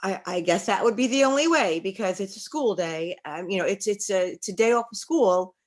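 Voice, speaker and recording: A married woman co-hosting a casual talk show, chatty and quick to react. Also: medium pitch. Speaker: co-host.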